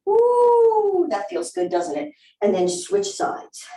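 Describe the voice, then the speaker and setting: Fairly low in pitch, steady, measured and dark-toned, this barre fitness instructor has a Southern US accent. She gives live workout instruction with upbeat coaching, whoops and counts, captured from a distance in a roomy space.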